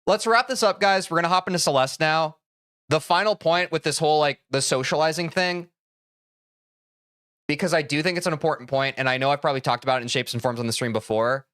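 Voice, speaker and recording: A young man streaming live, heated and swearing as he talks to his chat about boundaries, then calming into careful apologies. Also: on the high side, fast talker, clean tone, dry recording, clean studio sound. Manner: heated, swears a lot, switches to calm apologies.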